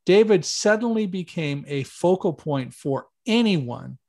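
Man telling a vivid personal story. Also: a little slow. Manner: animated, raises pitch and volume for quoted lines. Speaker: interview guest telling his story. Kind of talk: conversational storytelling.

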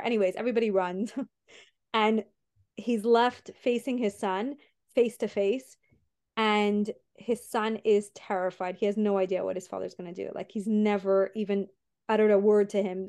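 A young woman tells a story on her podcast in a casual, rambling way. She fills her sentences with likes and you knows and keeps restarting them. Her pitch sits in the middle for a woman. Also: mellow. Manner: rambling, filler-heavy retelling with many restarts. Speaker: podcast host.

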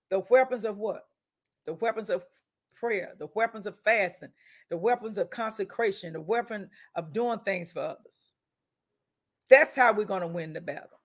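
A woman's voice: medium pitch, normal speed, husky. A woman hosting an inspirational broadcast in a preaching style, emphatic and repetitive, calling out to her listeners. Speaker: host and prayer leader.

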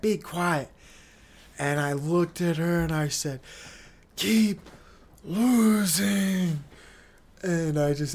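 Solo podcast host, young man, a touch high-pitched, rambling and profane, gets loud when excited. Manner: swearing, excitable storytelling, laughs often. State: dry mouth. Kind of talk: casual solo monologue.

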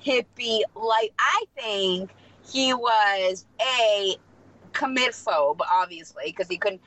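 A woman's voice: medium pitch, slow pace, fairly bright tone, poor audio. A woman guest on a podcast chatting casually, blunt and swearing freely, with lots of "like". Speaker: guest, private chef. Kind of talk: casual chat.

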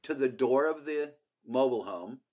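A man's voice: medium pitch, moderate pace. An older man co-hosting a podcast, telling long stories in a casual, rambling way with lots of fillers. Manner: rambling, animated storyteller with many fillers. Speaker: podcast co-host. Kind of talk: casual storytelling chat.

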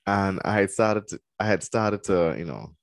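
A man co-hosting a casual podcast chat, telling stories in an animated way with quoted voices. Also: sits low, moderate pace, no room sound. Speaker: podcast co-host.

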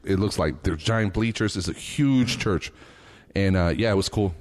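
A man's voice: deep voice, moderate pace, a little mellow. A man chatting casually with friends on a podcast, joking, swearing and laughing often. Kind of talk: casual chat among friends.

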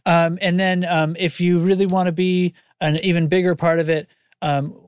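A man's voice: high-pitched, little pitch movement, moderate pace, clean tone, dry recording, studio quality. A man co-hosting a podcast in casual, rambling chat, often breaking into laughter. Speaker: podcast co-host.

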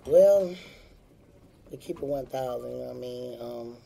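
A man's voice: medium pitch, normal speed, creaky, mellow, a little hiss or hum. A man talking as a guest in a casual podcast chat, blunt and repeating his points.

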